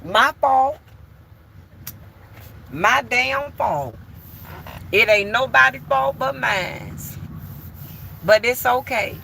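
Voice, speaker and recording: A woman's voice: a little high, expressive, extremely slow, vocal fry, long pauses, bright, forceful tone, slight background noise. A woman vlogger chatting bluntly and candidly to her viewers from home while doing chores. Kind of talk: casual chat to viewers.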